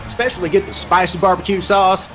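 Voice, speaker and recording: Man, co-commentator, wisecracking one-liners, high voice, faint music behind. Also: level tone, quick pace, fairly bright tone. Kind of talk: joking color commentary.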